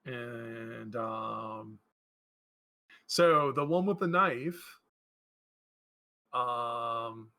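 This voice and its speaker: Hesitant bright-voiced man running a game. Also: mid-range voice, drawn-out words, long pauses. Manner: hesitant, many fillers, laughing often. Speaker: game master.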